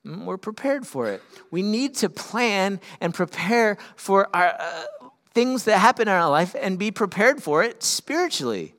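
A male pastor delivering a sermon in a slightly raised voice. He climbs to loud, urgent peaks and then sinks into quiet, earnest stretches. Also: high-pitched.

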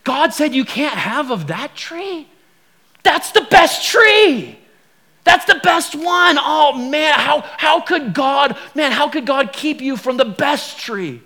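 A man's voice: very high-pitched, expressive, takes it slowly, bright, forceful tone, voice pushed up, exaggerated voice. A male preacher voicing a sly, scheming serpent who wheedles and exclaims in disbelief. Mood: incredulous. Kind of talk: sermon storytelling.

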